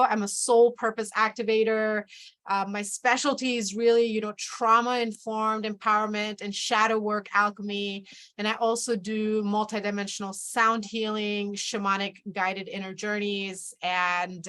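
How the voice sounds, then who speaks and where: A woman guest on a video call, talking about her spiritual path in a slow, reflective way, often restarting and trailing off. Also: medium pitch, a bit bright. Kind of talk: casual spiritual conversation.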